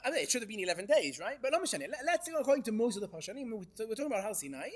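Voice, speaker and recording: Guy teaching torah, high lively voice, keeps asking the class questions. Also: rapid-fire, slightly rough. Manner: animated, questions the class, Hebrew verse quotes.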